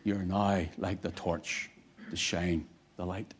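A man preaching a sermon, swinging between quiet, low lines and loud, emphatic bursts. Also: level tone, takes it slowly, a little hiss or hum.

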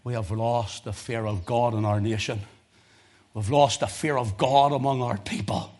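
A male preacher delivering a fervent sermon, swinging from loud emotional crescendos to low, intense tones. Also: steady tone, normal speed.

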